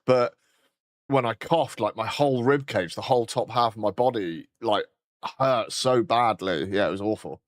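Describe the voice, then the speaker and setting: A British man with a hoarse, sore throat, chatting casually on a game stream, swearing freely and clearing his throat often. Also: fairly low pitch, normal speed, no room sound, studio quality. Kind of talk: casual live-stream chat.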